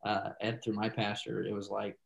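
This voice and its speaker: A man's voice: lowish voice, monotone, normal speed, gravelly, rough recording. A man, a pastor, telling a story in a casual interview, rambling with many asides and acting out the dialogue he quotes.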